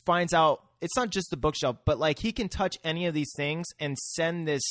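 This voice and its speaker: A man's voice: a little high, normal speed, a bit bright, no echo, studio quality. A man co-hosting a casual podcast, rambling through a film recap with lots of fillers and searching for words. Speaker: podcast co-host.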